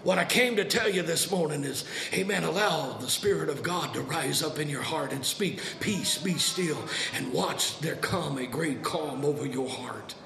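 A man pastor preaching a sermon to a congregation, swinging between soft and dramatic delivery. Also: a little high, normal speed, gravelly, few pauses, reverberant, slight background noise. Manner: preaching with dramatic shifts, acting out voices. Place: church sanctuary.

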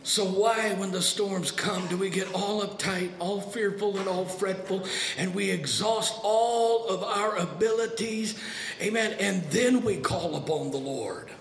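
A man pastor preaching a sermon to a congregation, swinging between soft and dramatic delivery. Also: high-pitched, measured pace, reverberant, a little hiss or hum. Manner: preaching with dramatic shifts, acting out voices. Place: church sanctuary.

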